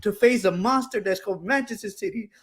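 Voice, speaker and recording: A young man co-hosting a casual chat, rambling and halting as he complains. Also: high voice. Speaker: co-host.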